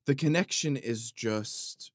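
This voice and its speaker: A man reading viewer comments in a casual comedic monologue, playfully indignant, swinging from loud outbursts to low muttering. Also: slow, no room sound, studio quality. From Italian heritage.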